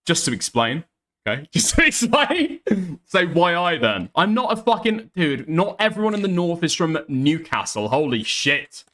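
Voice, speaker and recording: A young man with a softened northern English accent, reacting to a video in brash, sweary, animated commentary. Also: a little high, moderate pace. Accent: Northern English, softened by the South. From Northern England. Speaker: streamer. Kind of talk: casual commentary over a video.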